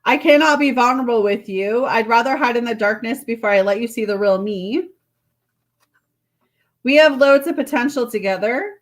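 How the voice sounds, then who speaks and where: A woman's voice: on the high side, moderate pace. A woman doing a live tarot reading, chatting casually with viewers and reading card messages aloud. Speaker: tarot reader.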